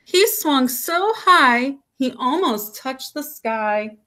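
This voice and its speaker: A woman teacher reads a picture book aloud to children in a slow, unhurried style. Her high voice leaps up and down, and she gives the sound effects a playful punch. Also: animated, bright, forceful tone. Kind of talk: storybook read-aloud.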